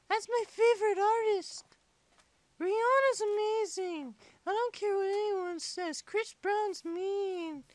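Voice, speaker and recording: Squeaky little boy gamer, whiny and rude; very high, unhurried delivery. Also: no echo. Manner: whiny, silly rambling play commentary. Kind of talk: comedic game play-along.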